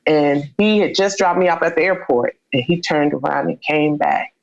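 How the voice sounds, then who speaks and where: A woman's voice: sits low, moderate pace, gravelly, dull audio. A woman guest in an interview, telling a personal story with feeling and acting out the dialogue she quotes. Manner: heartfelt, acts out quoted dialogue.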